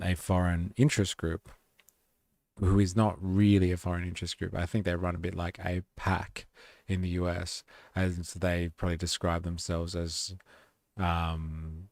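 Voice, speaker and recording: Gravelly deep-voiced man. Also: a little mellow, dry recording, studio quality. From Australia. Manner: casual, swearing, reading chat aloud. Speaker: live stream host. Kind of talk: casual live stream commentary.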